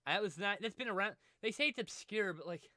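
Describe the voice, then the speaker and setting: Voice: mid-range voice, animated, fairly quick, bright, forceful tone, no echo, clean studio sound. A rambling, profane co-host in casual chat on a live stream. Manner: rambling, profane, restarts often. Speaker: podcast co-host.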